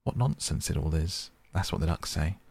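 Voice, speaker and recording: A man reads out a cheerful, good-natured water rat from a storybook, hearty and a bit louder than the telling around him. The voice sits very low, with a husky, gravelly grain and a dry, close sound. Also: moderate pace, dry recording.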